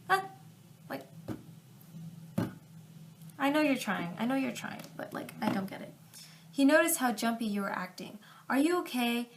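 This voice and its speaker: A young woman reading fanfiction aloud for comedy, breaking off into sarcastic asides, dropping into whispers and jumping to loud outbursts. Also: mid-range voice.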